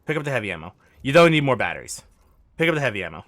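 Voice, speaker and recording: A man's voice: medium pitch, big pitch swings, very fast, fairly bright tone, no echo. A man coaching over gameplay footage, urgent and insistent, repeating his instructions and pleading with the player. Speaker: gaming coach.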